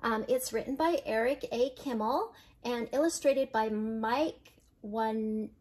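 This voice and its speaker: An older woman, a grandmother, reading a children's picture book aloud in a gentle, unhurried way with small slips and chuckles. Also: a little high. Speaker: storyteller.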